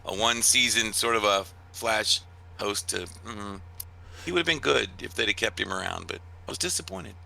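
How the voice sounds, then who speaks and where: A man's voice: lowish voice, normal speed, gravelly, bright, forceful tone, low-quality recording. A man with a Southern American accent, chatting casually and self-deprecatingly as a podcast guest.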